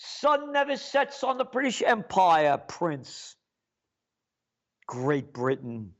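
Man, ranting commentary, sarcastic, slow delivery, dull lo-fi sound. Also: high voice, very animated. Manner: sarcastic and scornful, with sudden shouts.

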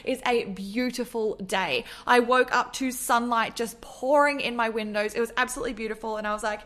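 A young adult woman from Australia with an Australian accent, hosting her podcast in a bubbly, effusive monologue full of excitement. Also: on the high side, fairly quick. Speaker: podcast host. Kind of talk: enthusiastic solo podcast monologue.

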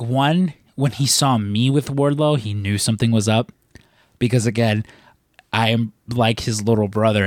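A man's voice: fairly low pitch, no echo, clean studio sound. A young man hosting a podcast, telling a rambling story with lots of fillers, restarts and casual swearing. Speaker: podcast host.

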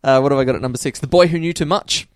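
A man's voice: medium pitch, very fast, no echo, clean studio sound. A man co-hosting a podcast in casual chat, playful and fond of quoting lines. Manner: playful, often breaks into quoted character voices. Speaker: podcast co-host.

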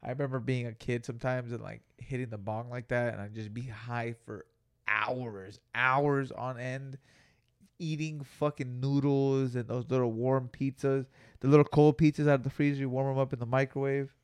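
A man's voice: medium pitch, fairly even intonation, normal speed, smooth. A young man co-hosting a podcast, telling a story in a laid-back, slangy way with heavy swearing. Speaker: podcast co-host. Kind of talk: casual storytelling chat.

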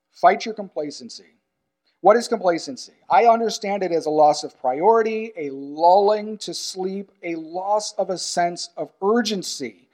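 In a slightly high male voice, a pastor preaches with earnest emphasis, repeating key phrases while alternating between loud, urgent stresses and quiet asides.

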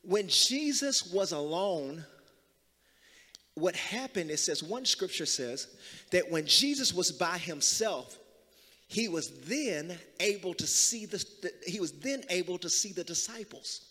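High bright-voiced preaching man. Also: expressive, a little slow, in a large hall. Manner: call-and-response preaching, rising to loud emphasis. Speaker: pastor. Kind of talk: sermon. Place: church sanctuary.

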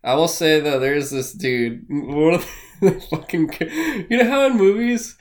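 Excitable male co-host, rambles, curses freely, casual podcast chat. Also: on the high side, measured pace. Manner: rambling, excitable, swears often.

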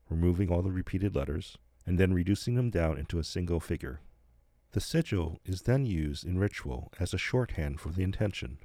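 Deep, mellow male podcast host. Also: vocal fry, no room sound. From United States, New Jersey. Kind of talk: scripted podcast narration.

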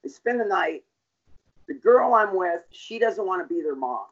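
A middle-aged man with a high voice and big pitch swings speaks at normal speed, candidly recounting his life for an interviewer. His language is blunt, profane street talk, heard through a dull, lo-fi recording.

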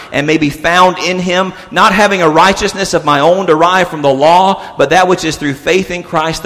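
Emphatic preacher man in a reverberant hall. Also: fairly high pitch. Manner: emphatic, repeats key lines, swings between loud and hushed. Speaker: pastor. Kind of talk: sermon.

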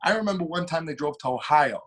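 A young man spins a story as a podcast guest. His voice sits a bit high for a man. He keeps his telling lively, speeding up and slowing down as he goes. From Long Island, New York. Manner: animated storyteller with shifting pitch and pace. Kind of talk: casual storytelling interview.

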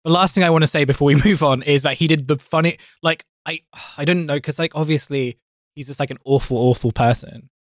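A man's voice: on the high side, fairly quick, no room sound, studio quality. A man hosting a podcast in casual chat, rambling with many "like" fillers. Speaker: podcast host.

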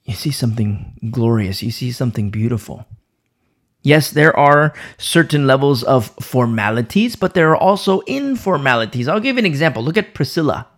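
Male Bible teacher with a sore throat, lively swooping delivery, restarts often. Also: medium pitch, moderate pace. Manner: animated, repeats words and restarts often. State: sore throat, pausing to sip coffee. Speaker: preacher.

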